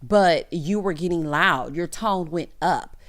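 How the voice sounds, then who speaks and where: A woman's voice: on the low side, slow, voice pushed down. A woman doing a stern, sulky young husband. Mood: scolding.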